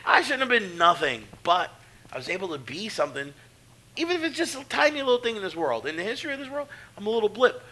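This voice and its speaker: A man's voice: sits high, quick pace, low-quality recording. A man from Brooklyn, a pro wrestler, telling profane stories in a casual podcast chat and acting out the voices of the people in them. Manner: profane, animated, acts out quoted voices.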